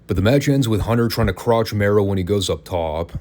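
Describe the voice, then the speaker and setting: Deep-voiced sarcastic man reviewing wrestling. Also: brisk, mellow. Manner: sarcastic, opinionated. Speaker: podcast host. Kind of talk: casual wrestling review commentary.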